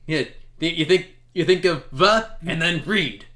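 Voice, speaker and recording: A man's voice: a little high, sharp tone. A man playing a tabletop game, chatting casually and laughing often. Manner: laughing, halting. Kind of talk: casual chat over a game.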